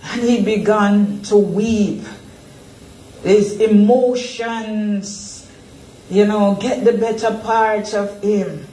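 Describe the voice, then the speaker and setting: A woman's voice: medium pitch, fairly even intonation, very slow, mellow. A woman pastor leading a Bible study sermon, earnest and emotional, laughing often as she talks. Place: church worship center. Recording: echoey church room.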